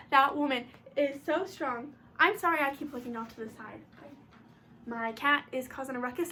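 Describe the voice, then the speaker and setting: A young woman vlogging at home, chatting to the camera in a gushing, excitable way, sometimes half-shouting. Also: sits high, moderate pace, slight background noise. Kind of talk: casual chat to camera. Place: room at home.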